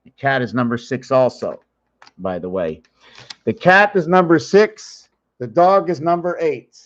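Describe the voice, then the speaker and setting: A man's voice: medium pitch, animated, unhurried. A man rambling to a camera in a mystical, musing way, mixing French and English. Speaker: vlogger. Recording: dull lo-fi recording.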